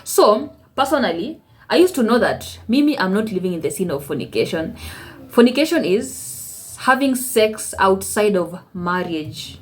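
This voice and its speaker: A woman's voice: medium pitch, big pitch swings, moderate pace. A woman with a Kenyan accent telling her faith testimony on her channel and acting out her conversations with God. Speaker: vlogger. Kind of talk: personal testimony storytelling.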